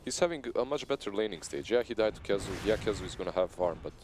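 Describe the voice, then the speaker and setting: Esports analyst, male, Eastern European accent, deep voice, chatty and analytical on the broadcast. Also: animated, quick pace, darkish tone, slight background noise. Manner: analytical, conversational, laughs easily. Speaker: esports commentator. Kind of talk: game analysis commentary.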